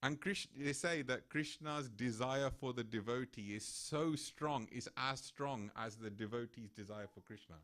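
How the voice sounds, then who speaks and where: A man gives a temple talk, telling a devotional story in sermon style and animatedly acting out the characters' voices. He speaks at medium pitch, a little slowly, with few pauses.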